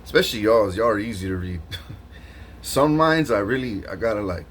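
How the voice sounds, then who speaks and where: A man's voice: fairly low pitch, a little fast, a little hiss or hum. Laughing, slangy man rambling to camera. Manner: animated, laughs often, slangy, lots of restarts. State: just woke up from a nap. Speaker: vlogger. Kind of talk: rambling casual monologue to camera.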